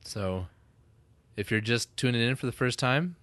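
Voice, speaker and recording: A man's voice: mid-range voice, moderate pace, fairly bright tone, no room sound. A man co-hosting a podcast with his wife, chatting casually, joking and swearing freely. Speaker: podcast co-host. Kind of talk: casual chat.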